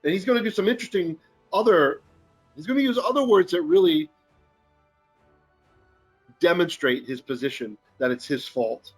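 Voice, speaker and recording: A man teaching a Torah lesson in an animated, jokey way, often checking in with his listeners. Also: sits high, normal speed, pauses often, husky, faint music behind. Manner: animated, jokey teaching with frequent "right?" asides. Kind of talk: live-streamed Bible lesson. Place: Philippines.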